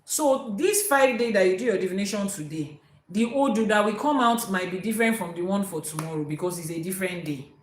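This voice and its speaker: A woman's voice: medium pitch, animated, a little fast. Emphatic woman teaching spirituality. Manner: emphatic, repeats key words, quotes proverbs. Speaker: Ifa priestess and teacher. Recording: echoey room.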